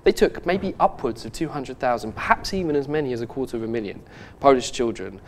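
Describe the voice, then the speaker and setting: A man hosting a podcast, telling a story in a halting, earnest way with many restarts and fillers. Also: medium pitch, expressive, slight background noise. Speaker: podcast host. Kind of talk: casual podcast chat.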